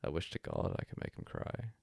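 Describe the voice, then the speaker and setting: A man reading a bedtime story aloud as a hushed, breathy first-person monologue. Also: brisk, dry recording, clean studio sound. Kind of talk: soft-spoken story reading.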